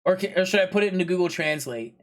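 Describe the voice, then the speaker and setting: A male streamer with a notably high voice talks casually to his viewers between games. He rambles, trips over fillers and restarts, and pushes his channel plugs in a playful, insistent way. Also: lively intonation, very fast. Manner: rambling, filler-heavy, chatty; pushy, playful plugging. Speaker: game streamer. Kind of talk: casual live-stream chat.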